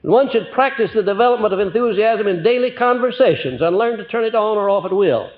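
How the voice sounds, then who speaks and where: In a muffled 1950s recording, an older man with a high-sitting voice delivers a brisk, animated motivational lecture to a live audience. He leans on fillers often and shifts between emphatic loud lines and softer ones.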